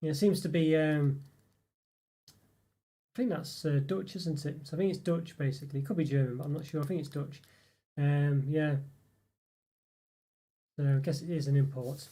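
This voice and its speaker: A man's voice: a little high, fairly even intonation, normal speed, pauses often, dark tone. A man hosting a live stream, chatting in a rambling way and reading out viewer comments with lots of fillers and chuckles. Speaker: live stream host reviewing chocolate.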